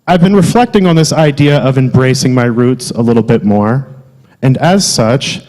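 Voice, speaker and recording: A man speaks in a fairly high, thoughtful voice, measured and a little wry as he opens a stage monologue. Long reverb from a hall trails each phrase. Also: darkish tone. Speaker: stage performer. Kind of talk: reflective spoken monologue. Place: theatre stage.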